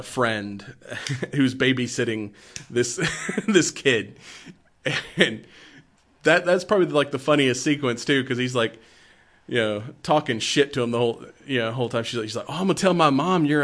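A man's voice: medium pitch, normal speed, fairly bright tone. A man in casual chat, retelling a movie in a rambling way, laughing often and swearing freely.

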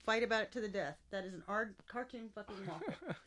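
A woman's voice: mid-range voice, fast talker, fairly bright tone. A woman co-hosting a casual podcast, talking bluntly and emphatically with a lot of swearing. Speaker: podcast co-host. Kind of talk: casual chat.

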